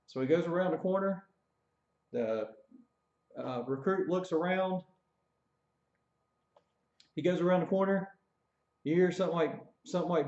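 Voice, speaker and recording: A man's voice: high-pitched, normal speed, long pauses, darkish tone. A man casually telling an army story, rambling with fillers and self-corrections. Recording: dull echoey room recording.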